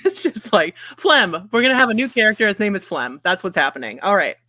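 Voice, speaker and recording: A woman's voice: mid-range voice, sing-song, fairly quick, sharp tone, a little hiss or hum. A woman getting over a cold, narrating a tabletop game as game master in a chatty, giggly way.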